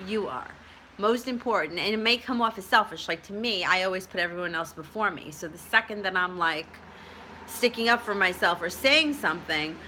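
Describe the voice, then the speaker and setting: A woman's voice: lowish voice, bright, forceful tone, a little hiss or hum. A middle-aged woman telling a personal story to camera in a chatty, rambling way, often laughing at herself. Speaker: tarot reader and spiritual vlogger.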